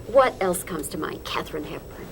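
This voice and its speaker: A woman interviewer asking questions and giving brisk, friendly prompts. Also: low voice, animated, vocal fry, slight background noise, rough recording.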